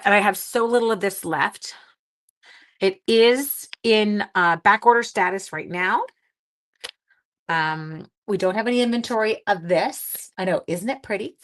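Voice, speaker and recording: A woman's voice: mid-range voice, fairly bright tone, rough recording. This is a woman in her forties who hosts a crafting livestream. She talks to her viewers in a chatty, upbeat and casual way, and she sounds like she is at home in her craft room. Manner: chatty and enthusiastic, talking to live viewers. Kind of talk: casual live-stream chat.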